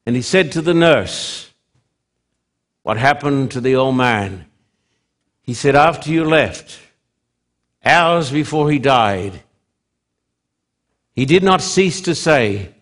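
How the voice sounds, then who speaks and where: The preacher, a man with a mid-range voice, alternates forceful emphasis with soft, hushed passages. He takes his sermon slowly and deliberately, repeating himself for effect.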